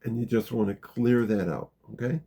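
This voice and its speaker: A man leading a gentle guided meditation talk, calm and unhurried, dropping very soft in the guided parts. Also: mid-range voice, breathy edge. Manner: slow, gentle, drops to a near whisper in the guided parts. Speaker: spiritual teacher guiding a practice.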